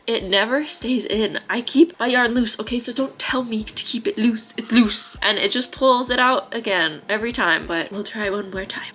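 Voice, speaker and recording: A young woman chatting casually while she crafts, self-mocking and quick to laugh at her own mistakes. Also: medium pitch, fairly bright tone. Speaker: crafting vlogger.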